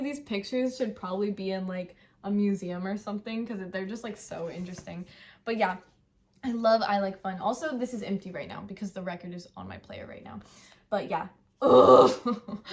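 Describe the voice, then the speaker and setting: A teenage girl vlogging in casual chat, gushing and rambling excitably about music she loves. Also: mid-range voice.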